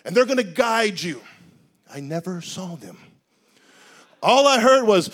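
A male preacher with a notably high voice, delivering a sermon as a comic, animated story. He breaks into shouts now and then and keeps the delivery loose and conversational. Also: unhurried, pauses often.

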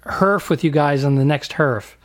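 A man's voice: on the high side, normal speed. A man co-hosting a casual comedy podcast, rambling and laughing often as he chats. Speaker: podcast co-host.

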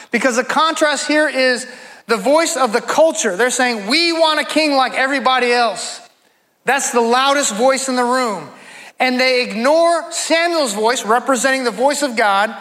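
A man's voice: very high voice, a bit bright, big-room sound. A man preaching a sermon to his church, emphatic, rising into fervent voices when he quotes others. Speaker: pastor.

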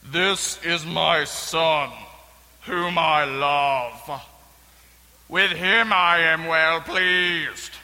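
A solemn, drawn-out divine voice booms from a cloud, as a man puts it on. Each word is stretched very slowly and pitched down, with a bright edge. Long hall reverb trails behind it. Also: full character voice. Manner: very slow, solemn, deep. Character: booming voice of God from a cloud.

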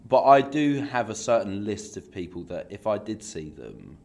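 A man's voice: lowish voice, very animated, moderate pace, darkish tone. A man co-hosting a podcast in casual chat, teasing his friend and laughing often. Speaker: podcast co-host.

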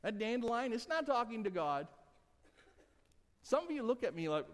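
A man preaching a sermon as pastor, with humor, moving between soft conversational asides and loud emphatic passages. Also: very high-pitched, big pitch swings, moderate pace. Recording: long church hall reverb.

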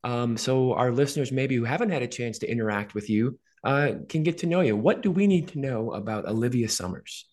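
A man's voice: medium pitch, brisk, few pauses, a little mellow. Male podcast host; upbeat, joking, filler-heavy conversational read. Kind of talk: casual podcast interview.

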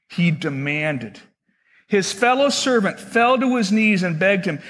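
A male pastor in his sixties delivers a sermon with a husky, slightly breathy tone. His voice sits high for a man. He preaches conversationally, often pausing to pose questions to his listeners. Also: sing-song, a bit bright, big-room sound.

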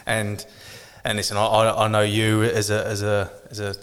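Male host, low monotone, rambling casual chat, reverberant room. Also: normal speed, clear, resonant tone. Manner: rambling, many restarts and fillers, warm praise. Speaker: podcast host.

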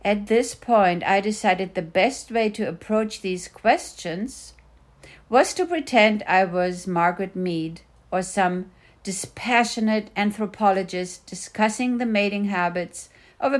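Middle-aged woman, memoir reader, unhurried and dryly wry delivery. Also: medium pitch. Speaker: mother narrating a personal story. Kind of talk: first-person memoir reading.

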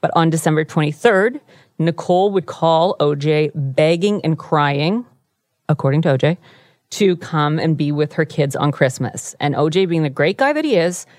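A woman's voice: low-pitched, expressive, moderate pace, a little mellow, dry recording. A woman hosting a true crime podcast, telling the story in a wry, easygoing way from a radio studio. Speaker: podcast host.

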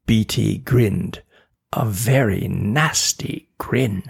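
Slow, gravelly male storybook reader. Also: fairly low pitch. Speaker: narrator. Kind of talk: children's book read aloud.

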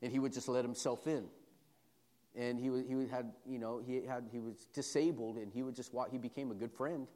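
A pastor preaching a sermon, moving from quiet personal storytelling to loud, repetitive call-and-response preaching. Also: male voice, mid-range voice, fairly even intonation, fairly quick, big-room sound.

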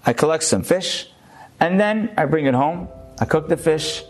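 Man telling it as a laid-back fisherman, plain everyday voice, unhurried. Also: a little high, expressive, slightly rough, faint music behind. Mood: content. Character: content, easygoing island fisherman, adult man.

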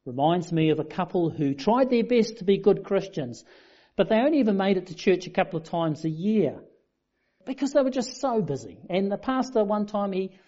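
Mellow-voiced preacher, lo-fi. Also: male voice, sits high, sing-song, moderate pace. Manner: conversational, self-deprecating humour. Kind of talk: sermon. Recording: dull lo-fi sound.

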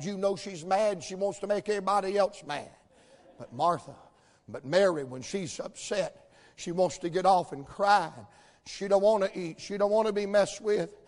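A man preaching a folksy sermon in a church, telling the story with energy and building to shouts. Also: high voice. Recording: long hall reverb.

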